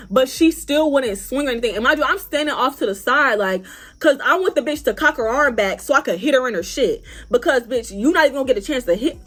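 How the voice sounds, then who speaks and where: A young woman telling a story to her vlog audience in an animated, profane, casual way. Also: a little high. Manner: animated, profane, acts out other people's lines. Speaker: vlogger.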